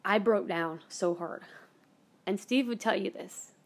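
A woman's voice: medium pitch, a little slow. A woman hosts her own podcast and tells a personal story in a loose, casual way, sometimes swearing. She gets emotional and close to tears, and her voice sinks to a whisper in the tender parts. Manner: emotional, near tears, whispering at soft moments. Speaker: podcast host.

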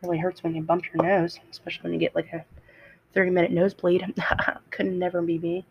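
A woman's voice: on the low side, level tone, fairly quick, vocal fry, breathy edge, no room sound. A teenage girl hosting a podcast, telling a personal story in a rambling, self-interrupting way and laughing at herself. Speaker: podcast host. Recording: dull lo-fi home mic.

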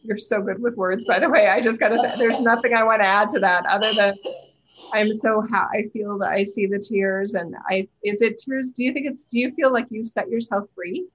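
A woman's voice: mid-range voice, fairly even intonation, a little fast. A woman hosting a live call, speaking emphatically as a channeler who repeats her words. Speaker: host and channeler. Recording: dull lo-fi audio.

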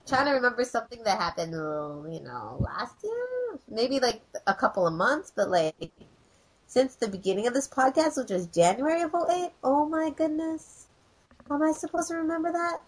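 A woman co-hosting a podcast, chatting casually in an excitable, giggly, rambling way. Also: sits high, moderate pace, slightly rough. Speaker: podcast co-host. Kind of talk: casual chat.

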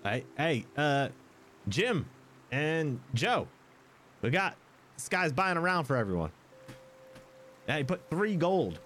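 Man doing a friendly drawling barkeep, generous, lively swings in pitch. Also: brisk, hardly any pauses, a little hiss or hum, natural voice. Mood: folksy. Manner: drawling folksy speech with y'all. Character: folksy male tavern keeper, friendly and generous.

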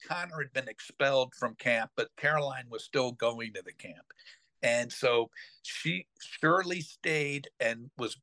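A middle-aged man hosts a podcast and casually tells a family story in a medium-pitched voice, recorded dry. His animated retelling rambles, full of fillers and restarts.

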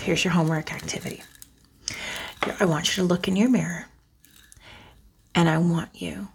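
A woman giving a gentle self-care lesson, soft and earnest, often dropping almost to a whisper. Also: on the low side, creaky, husky. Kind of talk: guided self-talk lesson.

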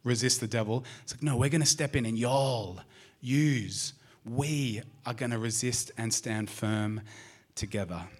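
A man with an Australian accent preaching a sermon, speaking straight to the congregation with lively questions. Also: mid-range voice, measured pace, slightly rough. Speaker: pastor. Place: church service.

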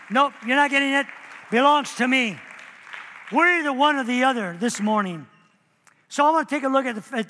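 A man preaching a sermon as pastor, animated and acting out the voices he quotes. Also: very high-pitched. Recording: long hall reverb.

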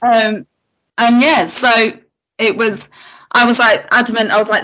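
Animated woman telling a story. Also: on the high side, moderate pace. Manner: animated, acts out quotes, laughs often. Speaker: podcast guest. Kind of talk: casual storytelling chat. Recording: lo-fi podcast audio.

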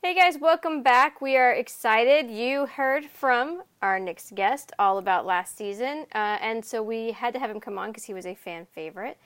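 A woman hosting a casual podcast, bubbly and quick to laugh as she welcomes and questions a guest. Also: fairly high pitch, a bit bright, clean tone. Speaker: podcast host. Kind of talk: casual chat.

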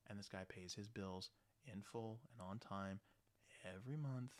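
A man telling a story casually, blunt and animated, swearing freely. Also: fairly low pitch, unhurried.

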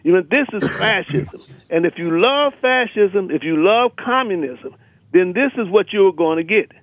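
A radio caller with a high, fairly bright voice and lively intonation rants passionately at a moderate pace, repeating rallying lists. The tinny phone line carries slight background noise.

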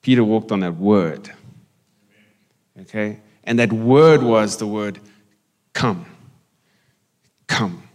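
Pastor preaching in a reverberant hall. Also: male voice, fairly low pitch, slow, long pauses, darkish tone. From South Africa. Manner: conversational, jokes with the congregation and slips into Afrikaans. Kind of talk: sermon. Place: church hall. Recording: long reverb of a church hall.

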